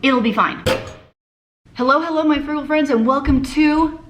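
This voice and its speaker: A woman's voice: sits high, normal speed, background noise. A mom hosting a casual cooking vlog from her home kitchen, chatty and jokey as she walks through family dinners.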